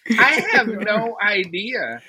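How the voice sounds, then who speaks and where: A man with a Tennessee Southern accent, talking bluntly and cracking jokes. His voice is bright and a little husky, set a touch high. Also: lively intonation, takes it slowly. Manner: blunt, joking, profane. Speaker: podcast co-host. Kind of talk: casual chat.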